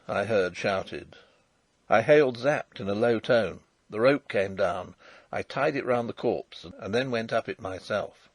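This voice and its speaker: A man reading a first-person adventure audiobook in a measured, dramatic storytelling manner. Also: lowish voice, expressive, dry recording. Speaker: audiobook narrator.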